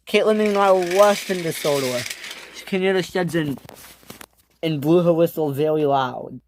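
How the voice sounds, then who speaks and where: A storyteller narrating a home-made toy train adventure, with halting restarts and filler words. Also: medium pitch, a little mellow, slight background noise.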